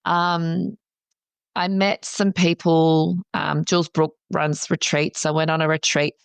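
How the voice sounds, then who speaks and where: A middle-aged woman, a counsellor and business founder, chatting as a podcast guest in an animated way and acting out her own past thoughts. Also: deep voice, slow pace, creaky, smooth, dry recording. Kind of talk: casual interview chat.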